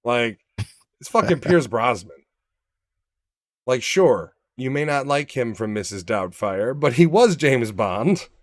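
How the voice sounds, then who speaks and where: A man in casual podcast talk, swearing often and punching words loudly when excited. His voice sits at a middle pitch. It is recorded dry, with no room echo. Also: measured pace. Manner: animated, profane, swings loud for emphasis. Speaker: podcast co-host. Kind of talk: casual chat.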